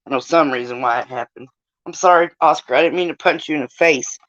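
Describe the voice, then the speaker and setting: A woman's voice: deep voice, quick pace, fairly bright tone, no room sound, muffled recording. A woman talking casually to her stream viewers while in pain, groaning and swearing often as she moves around. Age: older. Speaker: vlogger. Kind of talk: casual live-stream chat.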